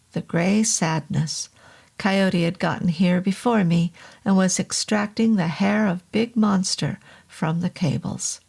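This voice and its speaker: Woman, horror audiobook narration, slow, measured, gravelly. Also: mid-range voice, a little mellow.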